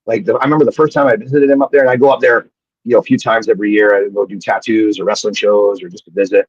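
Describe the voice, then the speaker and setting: A man, a former pro wrestler appearing as a guest, telling animated and profane stories in a casual way, often restarting his sentences. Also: lowish voice, fast, breathy edge, no room sound. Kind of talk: casual storytelling on a live show. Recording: dull lo-fi sound.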